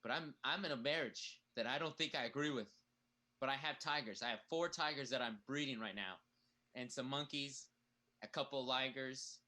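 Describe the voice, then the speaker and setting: A man's voice: mid-range voice, moderate pace, sharp tone, lightly acted. An actor playing a crude, boastful young male bully who rambles and laughs at himself, in a comedic play reading.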